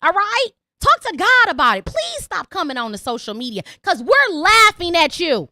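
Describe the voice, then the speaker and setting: A woman's voice: very high voice, very animated, moderate pace, pushed and bright, no echo. A woman hosting a call-in podcast, ranting in a blunt, profane way and repeating lines for emphasis. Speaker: podcast host. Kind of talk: opinionated call-in podcast monologue.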